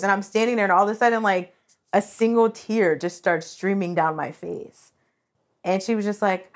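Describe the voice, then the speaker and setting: A woman's voice: medium pitch, moderate pace. Woman podcast host, casual personal storytelling, candid and emotional. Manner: candid, emotional, many "like" fillers.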